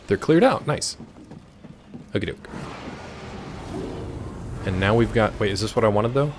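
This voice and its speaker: Lively, chatty game streamer man. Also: fairly low pitch, measured pace, noisy background. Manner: chatty, answers chat mid-game, wry asides. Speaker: streamer playing a video game. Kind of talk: casual live-stream chat.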